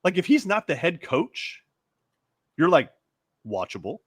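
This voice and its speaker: A man talks sports with his co-hosts, animated and prone to laughter and restarts. His pitch swings widely as he goes. The studio sound is dry and close. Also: unhurried, breathy edge, no room sound. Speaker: sports radio co-host. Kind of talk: casual sports talk.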